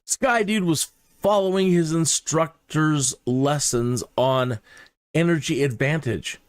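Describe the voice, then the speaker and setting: The flight sim host's voice sits on the high side here, and he takes it slowly, with no room sound on the close desk mic. He narrates his simulator session casually, in a mannered, storytelling way that pokes fun at himself.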